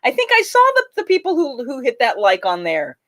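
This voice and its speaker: A woman with a slightly high voice sings cheeky folk ballads with a rollicking chorus, then drops into easy, chatty banter with her livestream viewers. She reads their comments aloud and thanks them between songs, like a renaissance faire performer entertaining from home. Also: huge pitch swings, fairly quick, fairly bright tone.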